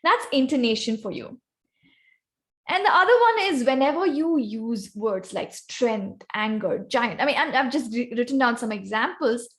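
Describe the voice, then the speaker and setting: High-sitting and fairly bright, this Indian-accented woman's voice leads an instructive session on speaking skills. She is the guest speaker at an online club workshop on vocal variety, naming volunteers as she goes.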